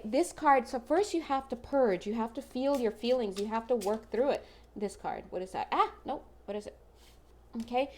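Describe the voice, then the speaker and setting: A woman's voice: a little high, darkish tone, a little hiss or hum. Woman, tarot reader, chatty, emotional, casual and talking straight to viewers.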